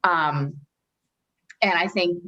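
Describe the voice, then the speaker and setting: A woman's voice: fairly low pitch, steady tone, drawn-out words, bright, forceful tone, dull audio. A woman guest in a casual podcast chat, who talks in long runs with many fillers. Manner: rambling, heavy on filler words.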